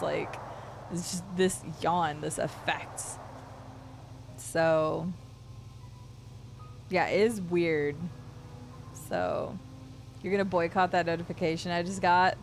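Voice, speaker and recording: A woman's voice: lowish voice, a little hiss or hum. A woman streamer chatting casually and playfully with her viewers while playing a game. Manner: chatty, rambling, playful with chat. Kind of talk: casual chat while gaming.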